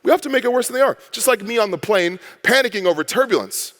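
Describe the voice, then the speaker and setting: A man, a pastor, preaching a sermon with lively storytelling and acted-out quotes. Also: high voice, quick pace, long reverb tail. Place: church sanctuary.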